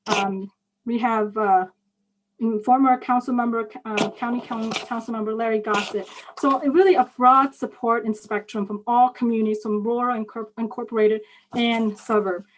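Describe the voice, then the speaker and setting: A woman's voice: a little high, steady tone, normal speed, a little hiss or hum, rough recording. A woman running for county council gives a campaign speech, listing endorsements with many ums and uhs. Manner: lists credentials and endorsements, with frequent fillers. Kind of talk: campaign speech at a candidate forum.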